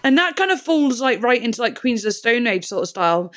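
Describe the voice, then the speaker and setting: A woman hosting a music reaction video, talking casually and excitedly, rambling with lots of filler words and humming bits of the tracks. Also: on the high side, fairly quick. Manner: excitable, hums and mimics song parts.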